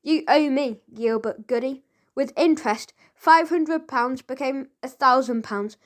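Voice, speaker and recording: A woman's voice: sits high, unhurried. A woman voicing a greedy, menacing male crime boss in a storybook reading, with a sneering, threatening manner.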